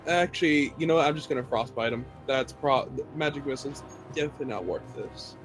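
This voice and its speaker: A man playing a tabletop role-playing game, talking casually and thinking his choices through out loud. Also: medium pitch, fast talker, faint music behind. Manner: casual, self-deprecating, decides aloud. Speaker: player.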